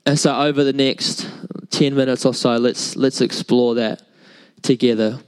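A man's voice: mid-range voice, fairly even intonation, a little slow, clear, resonant tone, poor audio. A young man, preaching a sermon in a casual, chatty storytelling way with many fillers. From New Zealand. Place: church service.

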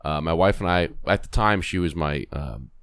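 A middle-aged man, a podcast host telling a story in casual conversation, animated, acting out quoted voices and restarting often. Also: deep voice, moderate pace, clean tone, no echo, clean studio sound.

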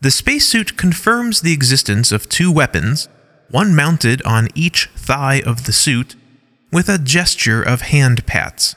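Male narrator for a scripted audio story, mid pitch, unhurried, long reverb. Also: big pitch swings, bright, forceful tone. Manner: measured, reads stage directions aloud.

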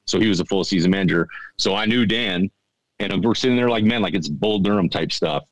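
A middle-aged man telling a story on a podcast in a halting, earnest way, often repeating his words. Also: deep voice, no echo, rough recording. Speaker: podcast guest. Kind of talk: casual storytelling.

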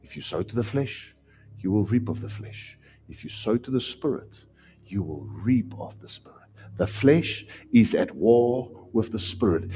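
A South African man delivers a sermon with emphatic, repetitive phrasing and sudden loud rises. His voice is warm and mellow, sitting at a middle pitch. Soft music plays faintly underneath. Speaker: pastor.

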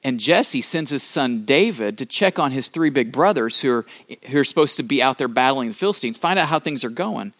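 A man preaching a sermon as the pastor, telling the story with playful acted-out asides and shifting between loud and soft. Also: mid-range voice, expressive, a little fast, no echo, studio quality.

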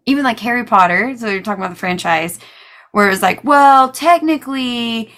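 A woman from the United States co-hosting a podcast, chatting casually in an animated, exclamatory way with frequent laughs. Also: medium pitch, fast talker. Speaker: podcast co-host. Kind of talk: casual chat.

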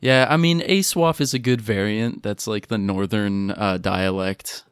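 A man's voice: lowish voice, fairly even intonation, unhurried, clean tone, no echo, clean studio sound. A man guesting on a podcast in casual chat, joking and rambling.

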